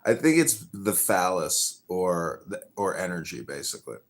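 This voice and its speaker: A man's voice: deep voice, very animated, moderate pace. A man hosting a casual chat, pressing with probing questions. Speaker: host.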